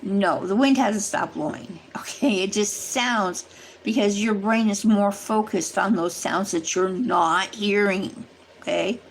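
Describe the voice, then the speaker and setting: A woman's voice: mid-range voice, a little slow, a little hiss or hum, poor audio. A woman hosting a livestream, chatting casually and earnestly to her viewers, rambling as she warns them. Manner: addresses viewers directly. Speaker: livestream host. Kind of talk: casual chat to a live audience.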